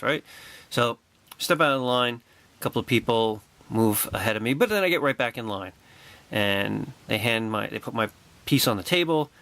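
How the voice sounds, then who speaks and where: Animated man telling a wry story. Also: mid-range voice. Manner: animated, excitable, wry and sarcastic. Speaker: vlogger. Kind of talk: personal anecdote storytelling.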